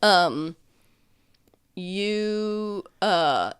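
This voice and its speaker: A woman's voice: medium pitch, animated, very slow, smooth. A woman narrating as game master in a casual way, with lots of fillers.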